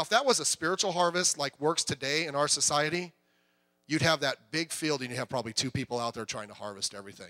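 A middle-aged man, a pastor, preaching a conversational, joking sermon with lively delivery. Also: fairly high pitch.

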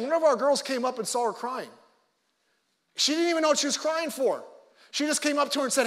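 High-voiced pastor preaching in a reverberant hall. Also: male voice, animated, fairly quick. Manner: conversational, joking asides; swings between loud emphasis and quiet low asides. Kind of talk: sermon.

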